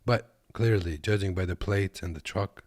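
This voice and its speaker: In studio-quality audio with no room sound, a Kazakhstan-born truck driver reacts from his desk in a joking, easygoing way, calling viewers "boys." His voice sits low and moves at normal speed.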